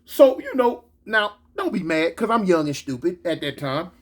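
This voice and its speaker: A man telling a story in a casual, slangy, animated way. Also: high voice, normal speed. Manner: animated, slangy, switches into excited quoted voices.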